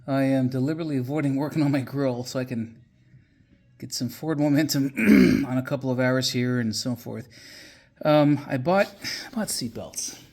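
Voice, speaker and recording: A man talks through his restoration project in a loose, rambling way, filling pauses with ums and letting the odd curse slip. His voice sits at an ordinary middle pitch, and he sounds slightly winded after an illness. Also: a little mellow. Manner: rambling, frequent fillers, casual swearing. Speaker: car restoration vlogger. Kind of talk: casual workshop walkthrough.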